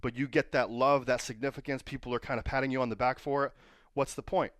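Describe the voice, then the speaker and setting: A man who coaches pro wrestlers talks through his advice in a loose, storytelling way and keeps asking "right?" His pitch sits in the middle of a man's range. The recording is dry and close. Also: fairly even intonation, fast talker, a bit bright, dry recording. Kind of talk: casual advice monologue.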